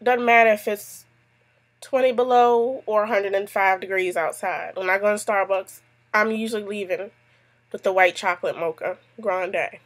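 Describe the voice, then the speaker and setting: Woman vlogger, casual chat, digressive storyteller, mid pitch. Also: fairly even intonation, normal speed. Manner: chatty, tells stories with lots of asides. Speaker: YouTube vlogger answering a tag; mother.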